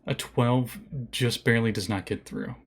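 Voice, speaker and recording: A man narrating a tabletop game as game master, relaxed and chatty. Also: mid-range voice, moderate pace, gravelly.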